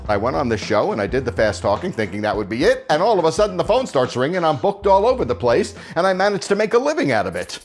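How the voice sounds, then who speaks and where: A man in his sixties telling stories in a casual interview, now and then bursting into rapid-fire tongue-twisters. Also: fairly high pitch, very animated. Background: background music.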